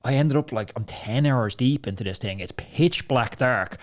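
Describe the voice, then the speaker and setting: Guy hosting a podcast, eager chatty storyteller, mid pitch. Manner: enthusiastic storyteller, quick asides. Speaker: podcast host, former racer. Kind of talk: casual chat.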